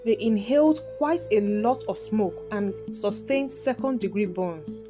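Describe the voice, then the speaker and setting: A woman narrating a dramatic story in a steady, scripted storytelling style. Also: medium pitch, measured pace, few pauses. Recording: background music.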